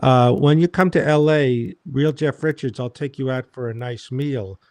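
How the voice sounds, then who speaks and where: A male comedian telling anecdotes in a deadpan, exasperated casual chat. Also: medium pitch, moderate pace, dry recording. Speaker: comedian, show host.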